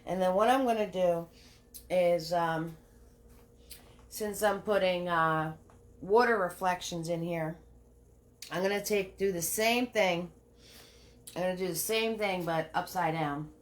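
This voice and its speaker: A woman's voice: on the low side, unhurried, pauses often. A woman giving a live painting lesson, chatting with viewers by name and repeating each step with a frequent "right?". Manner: repeats steps, asks "right?" often. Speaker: painting instructor.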